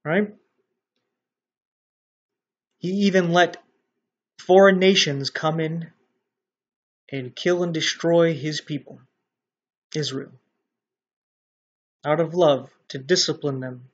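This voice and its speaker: Blunt, husky-voiced man preaching casually. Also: on the high side, slow, pauses often. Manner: blunt, informal, with mild swearing; grows louder and more animated when making a point. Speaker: online Christian commentator. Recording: dull lo-fi sound.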